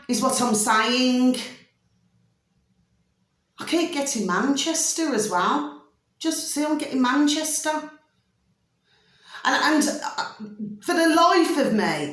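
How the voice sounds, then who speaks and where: Speaking slowly with frequent pauses, a middle-aged woman muses about spirituality in her vlog, her high-pitched voice animated and fairly bright. Her manner is homely and rambling, peppered with mild words like "blooming" and "flipping," recorded in a very echoey space.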